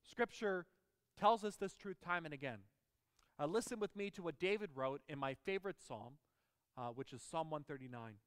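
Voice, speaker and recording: A man's voice: a little high, expressive, normal speed, clean tone. Emphatic pastor, man, echoing sanctuary. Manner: emphatic, asks the congregation questions. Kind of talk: sermon.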